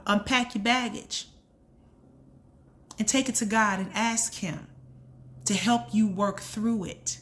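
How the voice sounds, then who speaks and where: A mother talking earnestly to her viewers about faith and self-reflection, preaching in a casual way and repeating key lines for emphasis. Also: mid-range voice. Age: adult with a son. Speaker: channel host. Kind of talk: motivational faith talk.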